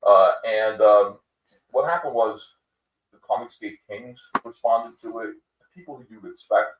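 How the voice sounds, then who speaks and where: A man's voice: fairly low pitch, moderate pace, narrow, tinny audio. A man hosting a livestream podcast, ranting in casual commentary with lots of fillers and mocking quoted voices. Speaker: podcast host. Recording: echoey room, distant mic.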